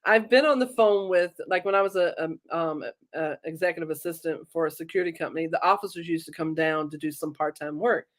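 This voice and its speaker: A middle-aged woman from Ireland whose Irish accent has been softened by decades in the American South, telling stories animatedly in a casual interview. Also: low voice, fast talker, few pauses. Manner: animated storyteller, acts out quoted voices. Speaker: guest.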